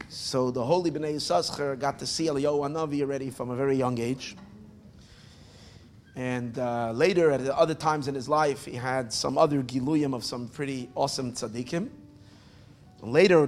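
A man telling a story in a casual, spoken way, with loud bursts, near-mumbled asides and frequent restarts. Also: medium pitch.

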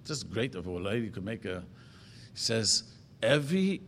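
A man's voice: lowish voice, sing-song, moderate pace, creaky, a bit bright, slight background noise. A man speaking as a rabbi in an informal talk, answering audience questions with rambling stories and frequent self-corrections. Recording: long reverb of a hall.

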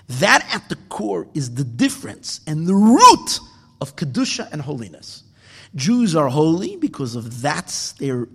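A man telling a story in a sermon, earnest and emphatic, with halting restarts. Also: a little high, a bit bright, breathy edge, big-room sound.

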